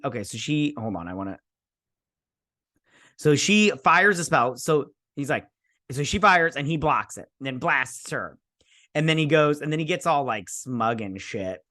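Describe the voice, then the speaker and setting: A man's voice: mid-range voice, a bit bright. A man in the middle of his range talks through an episode recap in a loose, rambling way. He keeps stopping to correct himself and drops sarcastic asides as he goes. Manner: rambling, sarcastic, frequent fillers and self-corrections. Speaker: show host reviewing an episode. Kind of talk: casual recap and review.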